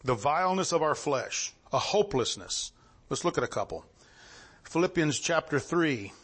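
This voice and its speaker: A high-voiced male preacher delivering a sermon with lots of movement in his delivery. He reads old-fashioned scripture in a measured tone, then climbs into excited, ringing exclamations. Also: husky. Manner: animated, swings from low reading to high exclamations; reads scripture in King James wording.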